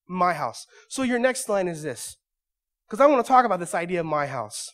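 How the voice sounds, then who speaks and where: A male pastor delivering a sermon in a church, moving from quiet storytelling to loud, emphatic preaching. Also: high-pitched, sing-song, normal speed.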